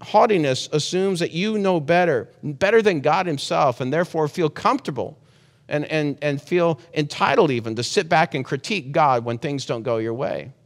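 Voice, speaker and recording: A man's voice: a little high, moderate pace, long reverb tail. A man preaching a sermon in an earnest, conversational way, often restarting his sentences.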